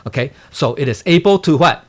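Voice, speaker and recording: A man's voice: on the high side, lively intonation, brisk. A man teaching a class on a sutra at a temple, explaining term by term, dropping "okay?" and "right?" after nearly every phrase and chuckling at his own jokes. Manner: checks in constantly with "okay?" and "right?". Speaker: dharma teacher.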